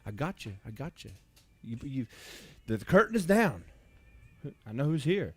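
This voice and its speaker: A man's voice: medium pitch, very animated, normal speed, breathy edge, no room sound. A man hosting a live toy sale from his shop, chatting casually and greeting viewers by name. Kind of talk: casual livestream chat.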